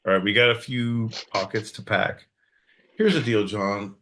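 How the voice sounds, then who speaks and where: A man co-hosting a podcast in casual comedic banter, loud and profane with sudden bursts of energy. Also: lowish voice, fairly even intonation, unhurried. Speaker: podcast co-host.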